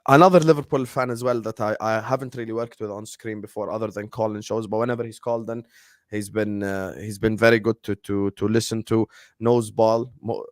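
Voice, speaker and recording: A man's voice: lowish voice, steady tone, brisk. A man hosting a casual live stream over a video call, introducing guests with playful banter and teasing. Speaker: host. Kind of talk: casual chat. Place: home studio, virtual stadium background. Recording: dry, close with no room echo.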